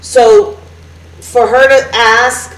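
A woman's voice: fairly high pitch, little pitch movement, very slow, a little hiss or hum. A woman co-hosting a casual discussion, chatty and thinking aloud. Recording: roomy echo.

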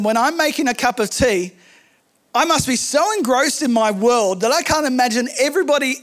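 A man preaching a sermon, telling stories in an animated way with humorous asides. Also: very high voice. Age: adult, married.

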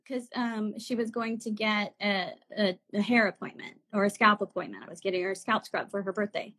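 A woman's voice: medium pitch, brisk, hardly any pauses, a bit bright, breathy edge. A woman in her forties, a spiritual guide talking as a guest in a casual live chat, earnest and laughing often. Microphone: video call.

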